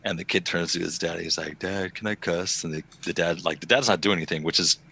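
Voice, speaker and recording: A young man hosting a podcast, chatting casually and fast with plenty of swearing. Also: deep voice, gravelly, slightly rough, dry recording. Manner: fast, profane, animated storytelling. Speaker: podcast host. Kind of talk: casual chat.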